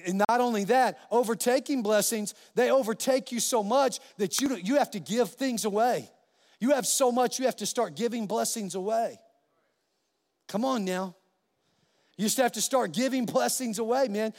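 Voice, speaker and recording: In a church-like space with long reverb, a male pastor delivers a sermon in a high, bright voice. His storytelling is animated, with quoted voices acted out.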